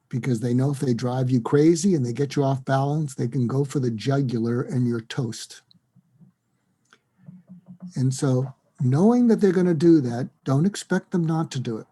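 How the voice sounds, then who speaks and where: Husky-voiced man with a mellow tone. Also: medium pitch. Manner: animated, acts out dialogue in quoted voices. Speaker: psychiatrist and guest. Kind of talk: interview advice talk.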